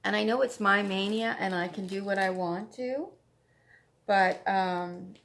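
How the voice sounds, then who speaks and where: A woman's voice: medium pitch, fairly even intonation, measured pace, vocal fry, fairly bright tone, slight background noise. A woman hosting a stitching vlog, chatting casually and gushing over her projects, often repeating herself. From Canada. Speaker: flosstube host. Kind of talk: casual show-and-tell chat.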